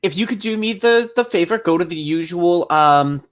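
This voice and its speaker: Man doing a scheming vampire casino boss, smooth, obliging, higher voice. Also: lively intonation, normal speed.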